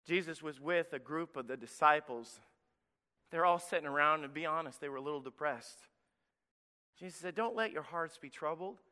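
Man, high bright voice, energetic kids' sermon, echoey hall. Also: moderate pace. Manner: energetic, preachy, drops to a hush for emphasis. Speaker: pastor. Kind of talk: children's sermon.

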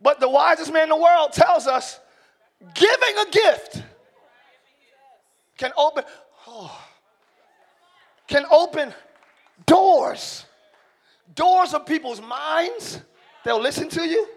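A middle-aged man preaching a sermon in a church, shouting key lines and slowing down for emphasis while joking with the congregation. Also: extremely high pitch, lively intonation. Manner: joking, talks directly to the congregation. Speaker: pastor. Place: church sanctuary.

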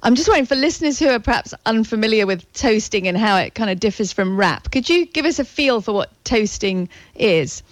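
A woman's voice: a little high, expressive, brisk, few pauses, no echo. Attentive woman hosting a radio interview. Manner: attentive, with frequent short acknowledgements. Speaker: radio host.

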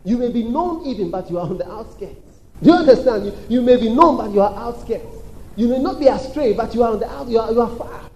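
A man preaching a sermon in a church hall, emphatic and repetitive, calling for responses and acting out shouted quotes. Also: very high voice, animated, quick pace. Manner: acts out quoted voices and shouts. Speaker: pastor. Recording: echoey church hall with faint background noise.

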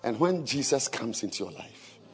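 A man preaching a sermon to a congregation, firing rhetorical questions at them, quizzing them and breaking into shouts and sing-song emphasis. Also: medium pitch, big pitch swings, normal speed, soft background music. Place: church with congregation.

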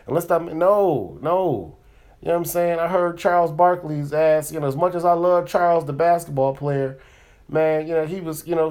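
A man's voice: a little high, a little mellow. A man hosting a comedy podcast, speaking in a rambling, profane, heated monologue full of fillers and restarts. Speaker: podcast host. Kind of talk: casual monologue.

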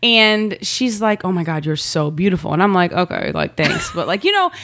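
A woman telling a story in casual chat, animated and slangy, often laughing and acting out what people said. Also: medium pitch, a little fast. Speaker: guest, model.

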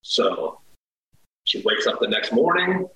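A man's voice: medium pitch, slow pace. A man telling a personal story in casual talk, acting out what people said. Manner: animated, acts out quotes. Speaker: guest storyteller. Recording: echoey room with faint noise.

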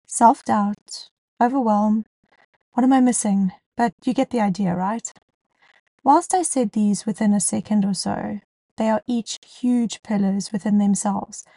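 A woman's voice: mid-range voice, vocal fry, warm tone, dry recording. A woman hosting her own podcast, talking straight to her listeners in an encouraging, direct way. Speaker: podcast host. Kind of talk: solo podcast talk.

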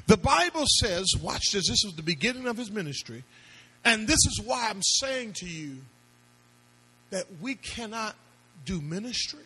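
A man's voice: high-pitched, sing-song, moderate pace, sharp tone, slightly rough. A male pastor preaching a sermon to a congregation, with emphatic call-and-response questions and phrases that he sings out. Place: church before a congregation.

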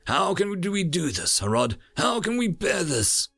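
A man voicing a stressed, anguished male character whose voice runs high and strained. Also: very animated, normal speed, gravelly, fairly bright tone, no echo, faint music behind. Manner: high strained voice, frantic outbursts. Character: anguished, stressed man overwhelmed by cosmic vision.

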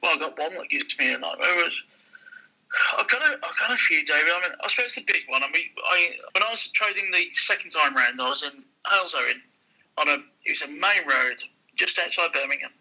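A man, a former car dealer, telling animated anecdotes in casual conversation and voicing the people in them. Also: a little high, breathy edge, rough recording. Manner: animated, quick anecdote with voiced quotes. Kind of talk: casual storytelling.

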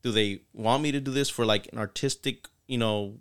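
A man co-hosting a podcast, thinking out loud in a rambling way with lots of "like" and "you know". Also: medium pitch, normal speed, smooth. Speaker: podcast co-host. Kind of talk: casual podcast chat.

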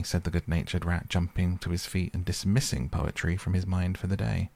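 A man narrating a classic storybook in a calm, measured reading. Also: sits low, gravelly, no echo.

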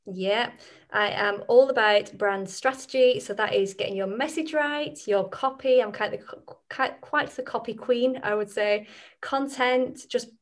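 A woman from the north of England with a softened Northern English accent, chatting casually as a podcast guest, laughing often and joking about herself. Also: on the high side, unhurried. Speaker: guest, brand strategist.

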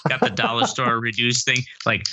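A man's voice: medium pitch, brisk, bright, forceful tone, no echo. A man co-hosting a podcast who tells a story in a laid-back way and chuckles now and then. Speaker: podcast co-host. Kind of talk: casual chat.

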